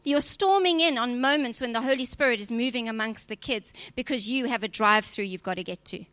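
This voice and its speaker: A woman's voice: a little high, a little fast, a bit bright, no room sound. A woman preacher, giving a direct, emphatic sermon with touches of humor. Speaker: preacher and church leader.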